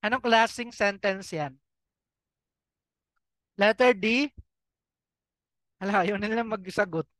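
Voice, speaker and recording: A man's voice: sits high, slow pace, pauses often, a bit bright, no room sound, low-quality recording. Filipino man teaching a review class. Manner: quizzes students, mixes Tagalog and English. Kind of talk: online exam review class.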